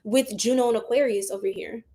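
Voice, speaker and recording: Young woman host with a slightly higher voice: bubbly, chatty, shouts out viewers and laughs a lot. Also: fairly even intonation, fairly quick. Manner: bubbly, greets viewers by name, laughs often. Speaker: psychic livestream host. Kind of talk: casual livestream chat reading comments.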